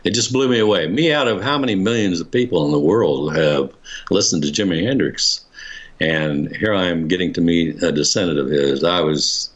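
A man's voice: sits low, moderate pace. An older man being interviewed, telling a personal story in a rambling, casual way, with many restarts and chuckles. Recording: dull lo-fi recording.

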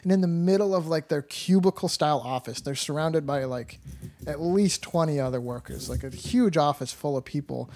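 Brief: male host, casual movie chat, animated, profane, acts out quotes. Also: a little high, moderate pace.

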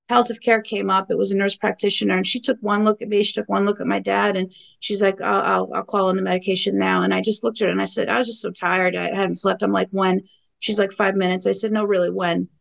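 This middle-aged woman from New York, a podcast guest, has a gravelly, fairly bright voice at a middle pitch and talks briskly with fairly even intonation. She relates her experience with blunt emphasis, full of repeated phrases and fillers, on a low-quality recording.

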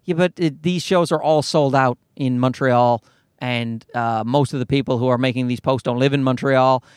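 A male podcast host rants, all worked up, on his comedy show, swearing freely. His mid-range voice is clear and resonant, with fairly even intonation and a moderate pace, captured as clean studio sound with no room noise.

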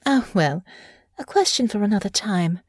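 A woman's voice: mid-range voice, expressive, normal speed, darkish tone, no room sound, clean studio sound, natural voice. A woman voicing a cold, calculating young noblewoman who speaks in a detached, matter-of-fact way.

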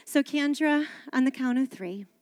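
A woman pastor preaching a sermon on stage, animated and dramatic, acting out quotes. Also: high-pitched, normal speed. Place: church stage.

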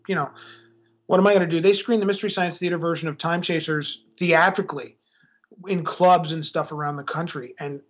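A film director being interviewed, talking casually and laughing at himself, with lots of restarts. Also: male voice, high-pitched. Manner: chatty, self-deprecating, many restarts.

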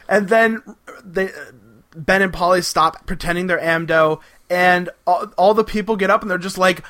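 A man's voice: high voice, a little slow. A man co-hosting a casual podcast, recapping an episode with lots of laughter and acted-out quotes. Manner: animated, laughing, acting out quotes. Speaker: podcast co-host.

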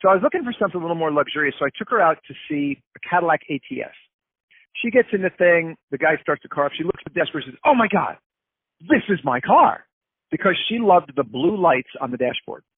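A man's voice: fairly high pitch, animated, fast, breathy edge, no room sound. A man as an interview guest, explaining ideas through acted-out everyday examples. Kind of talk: casual interview talk. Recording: tinny phone-line sound.

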